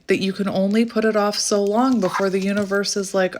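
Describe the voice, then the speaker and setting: A woman giving a channelled tarot reading in a chatty way, often breaking into excited exclamations. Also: medium pitch, a little fast, hardly any pauses, slight background noise. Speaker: tarot reader.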